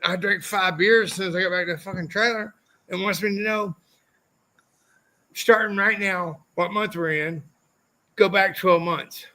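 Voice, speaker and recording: A man who raced motorcycles, telling loud and profane stories as a podcast guest, often slipping into mock quotes of other people. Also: sits high, steady tone, normal speed, pauses often. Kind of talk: unfiltered storytelling, heavy swearing. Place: podcast studio.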